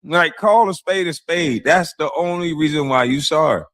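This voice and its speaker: A man's voice: a little high, normal speed. A man hosting a casual livestream, reacting to a clip with mocking, blunt commentary and frequent laughter. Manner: mocking, animated, laughs often, blunt slang. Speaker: streamer, show host.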